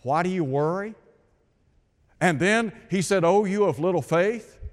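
A man's voice: high-pitched, a little slow. A man preaching a radio sermon, asking rhetorical questions and repeating his points for emphasis. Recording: long hall reverb.

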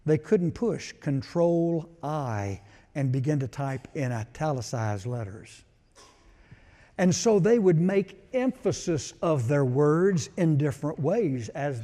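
A male pastor preaching a sermon, emphatic, swelling to loud declarations and then dropping low. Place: church sanctuary. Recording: long reverb of a large hall.

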